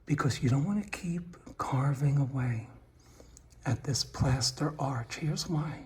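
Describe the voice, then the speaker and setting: A middle-aged man installing wallpaper, chatting casually and dropping into hushed asides as he works. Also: mid-range voice, unhurried, a little hiss or hum. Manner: chatty, drifts into hushed asides while working. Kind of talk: casual how-to chat while working. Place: room being wallpapered.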